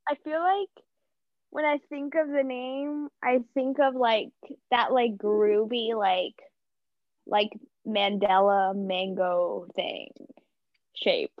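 A young woman with a high, bright pitch co-hosts a casual podcast, rambling through her thoughts with plenty of fillers and jokes at her own expense. The sound is dry and close, with a slightly muffled, lo-fi quality. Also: slow pace, dry recording. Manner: rambling, filler-heavy, self-mocking. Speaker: podcast co-host. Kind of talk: casual chat.

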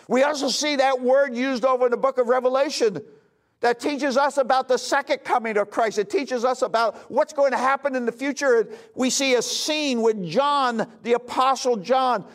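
A male pastor preaching a sermon with emphasis, swinging between loud bursts and hushed lines. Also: very high voice, moderate pace.

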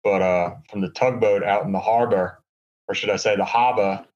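Rambling sarcastic man, low voice. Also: fairly even intonation, normal speed, darkish tone, lo-fi sound, slight background noise. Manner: rambling, sarcastic, many fillers. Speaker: podcast co-host. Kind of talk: casual chat. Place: hotel room.

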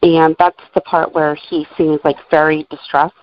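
Low-voiced woman with a dry, dull sound. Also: flat delivery, moderate pace, dry recording. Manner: methodical, walks through notes and transcripts. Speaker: podcast co-host. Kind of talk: casual chat. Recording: dull lo-fi recording.

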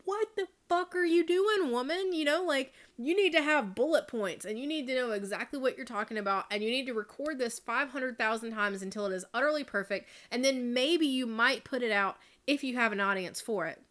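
Candid, chatty woman podcaster, slightly high. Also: fairly quick, hardly any pauses, fairly bright tone. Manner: candid and chatty, swears and laughs, tangents. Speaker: podcast host and life coach. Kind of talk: casual unscripted podcast monologue. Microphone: studio microphone.

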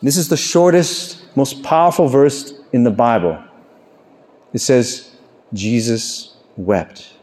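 A man preaching a sermon in an earnest way, lifting his voice on questions and slowing down, soft and low, on key lines.

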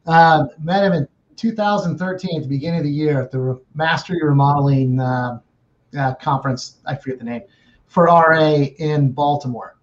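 A man's voice: a little high, normal speed, highs cut off. A man, a guest running a remodeling business, telling a story casually and restarting his phrases often. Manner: repeats words and restarts phrases.

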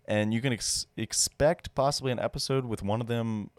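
A young man co-hosting a casual podcast, rambling and relaxed. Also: medium pitch, normal speed, no room sound. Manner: rambling, relaxed, laughs often. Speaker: podcast co-host.

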